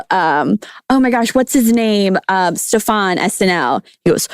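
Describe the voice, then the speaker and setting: A woman's voice: medium pitch, unhurried, few pauses, dry recording, clean studio sound. A woman who used to be a food scientist, a podcast guest riffing playfully on words in casual chat. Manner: animated, silly, riffing on words.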